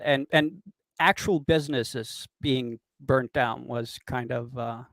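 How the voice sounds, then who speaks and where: A mid-pitched man from Norway talks in casual English with an accent that sounds almost American. He hesitates often, filling gaps with "uh" and restarting his sentences. The recording is dry and close. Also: slow pace, a bit bright, no room sound. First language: Norwegian. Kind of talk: casual chat.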